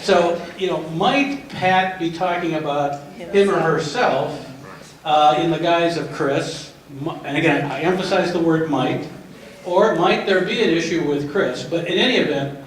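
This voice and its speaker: Lawyerly man lecturing in an echoey hall. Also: a little high. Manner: lawyerly, asks rhetorical questions and tags them with "right?". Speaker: trainer leading a staff workshop. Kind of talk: lecture with questions to the audience. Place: large echoey room. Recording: echoey room recorded from far off.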